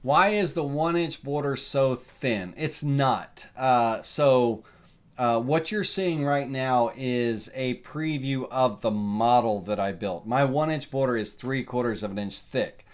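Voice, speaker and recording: A man giving a relaxed live woodworking software tutorial, answering viewer questions with lots of fillers. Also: medium pitch, slow pace. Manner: casual, folksy, lots of uh and um fillers. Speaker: CNC woodworking instructor.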